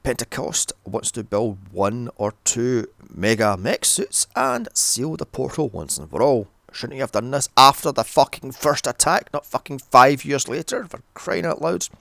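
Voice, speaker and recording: A man's voice: medium pitch, sing-song, unhurried, gravelly, hardly any pauses, fairly bright tone, dry recording. A man recapping a film in a sarcastic, exasperated rant, swearing constantly. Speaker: film reviewer. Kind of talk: profane ranting film recap.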